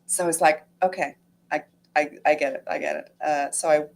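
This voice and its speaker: Middle-aged woman, low voice, casual storytelling, emotional, lots of fillers. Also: steady tone, normal speed, vocal fry. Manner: emotional, many fillers and acted-out inner quotes. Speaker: guest sharing her retreat experience.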